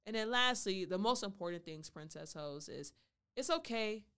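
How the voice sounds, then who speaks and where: Playful smooth-voiced woman podcaster. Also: medium pitch, animated, moderate pace, a bit bright. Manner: playful, talks about herself in the third person. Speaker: podcast host. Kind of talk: solo storytelling podcast.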